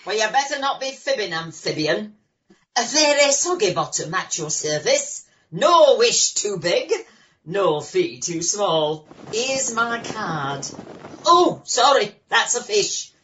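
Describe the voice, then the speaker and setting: A woman's voice: mid-range voice, big pitch swings, slow, fairly bright tone, far from the mic. A woman voicing a cheeky female bog fairy in an amateur radio play, teasing and rhyming. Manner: singsong rhymes, cackling, teasing. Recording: slightly muffled recording with faint noise.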